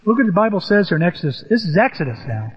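In an echoey hall with dull lo-fi sound, an older man pastor preaches, telling stories animatedly as his voice suddenly rises. It sits high and sounds sing-song, racing and husky.

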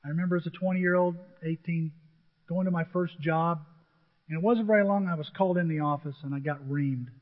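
A man gives a sermon as pastor, chatting and telling stories with acted-out quotes. His voice sits a little high. The sound is dull and rings with a long hall reverb. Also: steady tone, fairly quick. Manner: conversational storytelling with acted quotes.

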